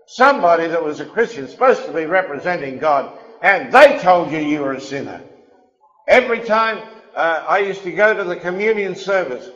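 A man preaching a sermon, emphatic and impassioned, swinging between quiet asides and loud declarations. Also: high-pitched. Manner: impassioned, emphatic, rising and falling. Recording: echoey hall, dull lo-fi sound.

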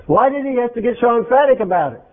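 High-voiced preacher man, tinny sound. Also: animated, fast talker. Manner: emphatic, quizzes the congregation. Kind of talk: interactive sermon. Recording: tinny phone-like lo-fi recording.

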